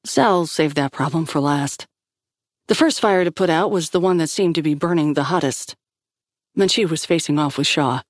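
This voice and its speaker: A woman narrating a story in a steady, measured reading. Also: sits low, dry recording, studio quality. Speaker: audiobook narrator. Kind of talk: scripted narration.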